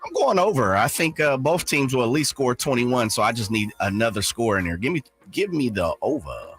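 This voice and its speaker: Male radio regular, animated pitch, chummy delivery. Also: a little fast, faint music behind. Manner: lively, chummy, calls people brother. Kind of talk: casual sports talk.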